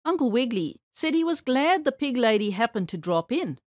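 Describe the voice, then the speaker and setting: Brief: woman storyteller, high and very lively read-aloud voice, close and dry. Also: a little fast, no room sound. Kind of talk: children's read-aloud narration.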